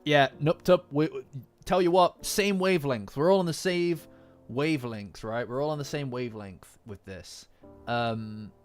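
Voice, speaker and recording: A man hosting a casual chat about an anime episode. He talks in an excitable way, laughs often, and keeps repeating and restarting his words. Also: medium pitch. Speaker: anime reaction host. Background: faint background music.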